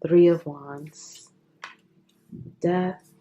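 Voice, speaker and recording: A woman giving a channeled tarot reading in an earnest, emotional way, often dropping to soft whispers. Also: deep voice, steady tone, very slow, dull audio, slight background noise. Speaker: tarot reader.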